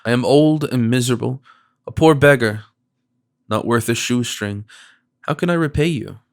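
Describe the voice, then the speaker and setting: A man voicing a feeble, suspicious old male miser with a squeaky, cracked voice, racked by a violent cough. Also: moderate pace, vocal fry, lightly acted.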